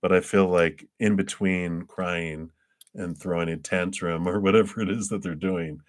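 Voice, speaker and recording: A man's voice: low-pitched, fairly even intonation, normal speed. A man doing live-streamed tarot readings, chatty, laughing often and acting out quoted voices. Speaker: tarot reader.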